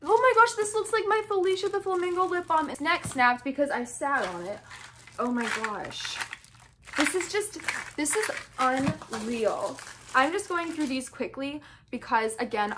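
Young woman, bright high voice, excited vlog chatter, gushing and breathless; faint noise in the background. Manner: gushing, breathless, keeps repeating "oh my gosh". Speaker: vlogger opening fan mail.

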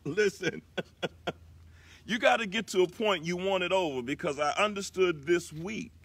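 A man's voice: high-pitched, unhurried, a bit bright, husky, dry recording. A man hosting a live inspirational broadcast, preaching emphatically and repeating his key lines. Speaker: broadcast host.

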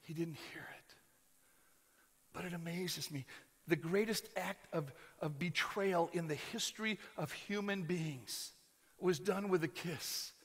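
American preacher in a big reverberant hall. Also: male voice, sits high, slightly rough. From United States. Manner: dramatic swings from loud to near-whisper. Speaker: pastor. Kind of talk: sermon.

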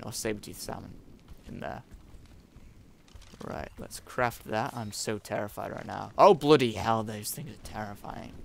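Young male gamer, gravelly voice, jumpy and jokey, swears a lot. Faint background hiss. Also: fairly low pitch. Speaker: gaming YouTuber. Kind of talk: let's-play commentary.

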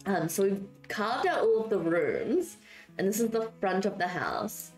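A chatty woman streamer talks to her viewers while building, giggling freely between thoughts. Her voice still sounds sleepy from waking up, yet her pitch swings up and down a lot. The room has a noticeable echo, with faint music playing underneath. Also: big pitch swings, a little slow. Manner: giggly and chatty, reading out and answering chat. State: just woke up, voice not warmed up. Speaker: streamer building in a life-sim game. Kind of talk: casual live-stream chat with viewers.

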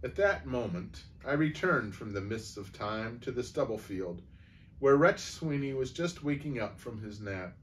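A man's voice: mid-range voice, lively intonation, unhurried, slight background noise. A man reading a humorous story aloud, voicing each character in turn.

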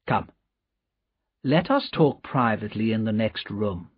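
A calm, resolute gentleman from a storybook, speaking slowly and smoothly, as a man voices him. There is a slight huskiness, and the dry sound is a little dull. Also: lowish voice, no echo. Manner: calm, measured, slow.

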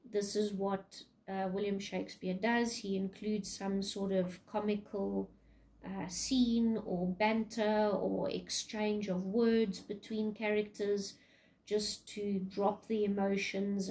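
A woman's voice: medium pitch, steady tone, slow pace, a little mellow, low-quality recording. A woman English teacher casually retelling a play in a lesson, chatty, with many fillers.

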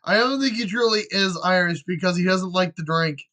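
A man talks loosely over his gameplay, narrating his moves between jokes. His voice sits high with a bright, sharp edge. The tone is casual and irreverent, with frequent swearing. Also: a little fast. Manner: chatty, jokey, swears freely. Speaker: gamer.

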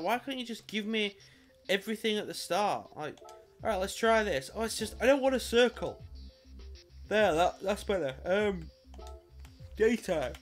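A man's voice: sits high, animated, normal speed, long pauses, faint music behind. A British man giving let's-play commentary on a video game, muttering with exasperated, sarcastic remarks and the odd swear word. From Britain. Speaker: gamer and video creator.

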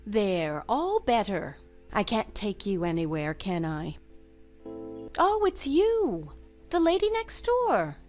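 A woman voicing a friendly, nosy female neighbor in a video game, chatty and gently prying. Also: medium pitch, very animated, takes it slowly, soft background music. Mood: fussing. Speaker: game character voice.

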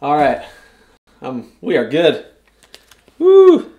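Card break host, male, fairly high voice, excitable, loud whoops at big hits. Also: measured pace, phone-quality sound. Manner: reads player names off cards. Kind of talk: live card break commentary.

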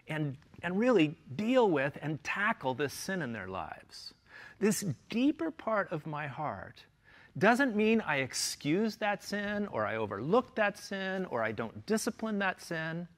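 A middle-aged pastor with a rather high voice preaches a sermon earnestly, putting question after question to his listeners.

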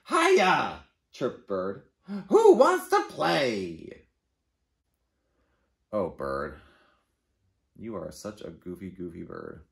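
A man, a children's librarian, reading a picture book aloud to kids in an animated, playful way. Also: mid-range voice. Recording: echoey room.

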